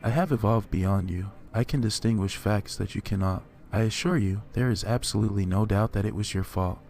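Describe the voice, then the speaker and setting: A man's voice: lowish voice, a little fast, gravelly. A man doing a cold, superior artificial being. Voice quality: tinny, calm, precise.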